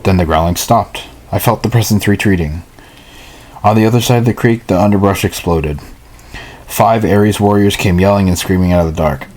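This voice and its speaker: A man at home reading a novel aloud in a halting way. He often stumbles and goes back to reread lines, and he stops now and then for casual asides. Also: lowish voice, darkish tone. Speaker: hobby reader.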